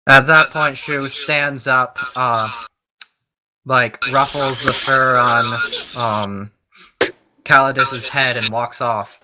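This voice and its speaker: Man with a very bright, sharp voice. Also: medium pitch, fairly even intonation, slow pace, a little hiss or hum, rough recording. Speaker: player. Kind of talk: casual tabletop game play.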